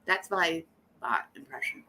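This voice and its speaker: A woman hosting a casual livestream, chatting in a rambling, blunt and animated way and greeting viewers by name. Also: sits low, unhurried. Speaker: livestream host.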